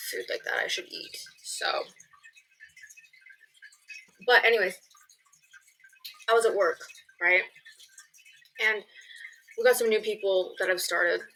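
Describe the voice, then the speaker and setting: A woman's voice: medium pitch, slow pace, pauses often, pushed and bright, rough recording. A young woman telling stories in a casual vlog, chatty and swearing freely with lots of "like" fillers. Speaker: vlogger. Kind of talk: casual storytelling chat.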